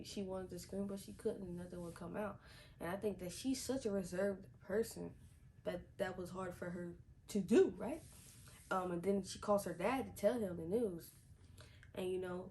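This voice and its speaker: A woman's voice: medium pitch, warm tone, slight background noise, poor audio. A woman reviewing a TV episode in a casual vlog, chatty, repeating herself with lots of fillers. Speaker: TV show reviewer.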